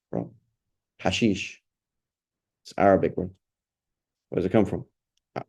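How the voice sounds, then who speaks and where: Male religious teacher, low, very warm and mellow voice, relaxed conversational delivery full of rhetorical questions. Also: moderate pace, creaky, long pauses, breathy edge. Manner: conversational, asks rhetorical questions, often adds "right?". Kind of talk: informal Quran study talk.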